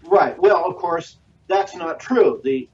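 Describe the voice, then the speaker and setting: A man speaking as a guest historian in a radio interview, delivering measured, lecturing answers full of long lists and "uh" pauses. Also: high voice, expressive. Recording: distant, dull lo-fi radio audio.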